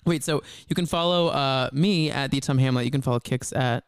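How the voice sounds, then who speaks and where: A man hosting a podcast in casual chat, talking quickly with lots of "like" fillers. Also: medium pitch, clean tone, no echo, studio quality. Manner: quick talk full of "like" fillers. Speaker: podcast host.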